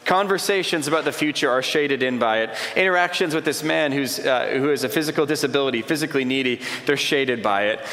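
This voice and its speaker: Speaking fast and barely pausing, a man with a mid-range, fairly bright voice delivers a sermon as a pastor. He talks conversationally, hammering points with repeated short phrases and staging imagined dialogue, while a large hall lends a long reverb.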